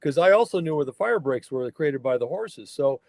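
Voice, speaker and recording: Animated man telling a story, dry sound. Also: on the high side, moderate pace, vocal fry, no room sound. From northern California mountains. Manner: animated storyteller, acts out the people he quotes. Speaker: wild horse researcher, guest. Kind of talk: casual storytelling interview.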